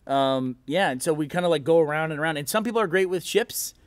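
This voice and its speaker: A man's voice: a little high, lively intonation, quick pace, no room sound. A man hosting a live stream, talking loosely and casually and laughing often. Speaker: livestream host.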